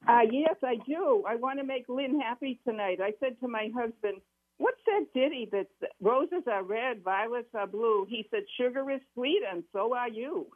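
High-voiced Massachusetts woman on a phone line. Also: lively intonation, normal speed, no echo. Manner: chatty, effusive. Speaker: caller. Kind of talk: call-in chat.

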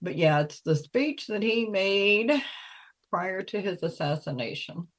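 A woman hosting a call-in radio show in a relaxed, unhurried chat, laughing often and repeating herself. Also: medium pitch, low-quality recording.

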